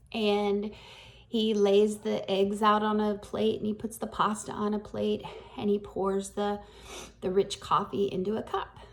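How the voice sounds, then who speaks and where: A woman from Northwest Arkansas, telling a reflective story in an unhurried way as a graduation speaker. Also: medium pitch, darkish tone. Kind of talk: storytelling speech.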